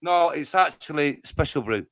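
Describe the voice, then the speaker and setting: Lively high-pitched man, swearing and taunting. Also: moderate pace, gravelly, dry recording. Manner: taunting, sweary, repeats demands. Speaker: panelist on a live online debate. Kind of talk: heated live-stream argument.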